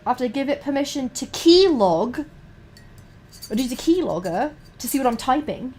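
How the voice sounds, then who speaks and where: A young woman chats away to her stream while she paints miniatures. Her voice sits a little on the high side, and she rambles, swears freely and keeps restarting her sentences. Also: animated, moderate pace, darkish tone, slight background noise.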